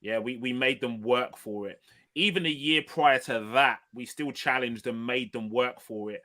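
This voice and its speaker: A man with a bright, forceful voice, co-hosting a football podcast. He talks with blunt passion and swears freely. The chat is loose and conversational. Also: medium pitch, normal speed. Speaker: podcast co-host.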